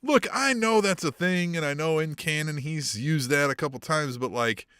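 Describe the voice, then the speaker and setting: A man co-hosting a casual wrestling podcast, talking in an animated, profane way and mimicking wrestlers with bursts of laughter. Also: a little high, normal speed, clean tone, no room sound, clean studio sound. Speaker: podcast co-host.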